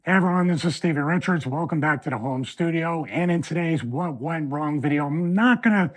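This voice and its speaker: A man hosting a video breakdown from his home studio, analyzing a wrestling match in an animated way that builds toward a rant. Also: fairly high pitch, a little fast.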